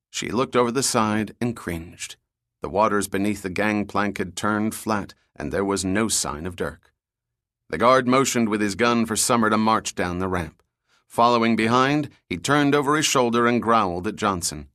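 Male audiobook narrator, low voice, measured delivery, dry close studio sound. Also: fairly bright tone, no echo.

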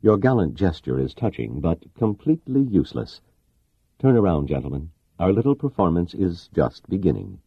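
A man voicing a suave, cold Soviet officer who talks with unhurried, mocking menace. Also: low voice, big pitch swings, creaky, slightly rough, no echo, dull audio, full character voice.

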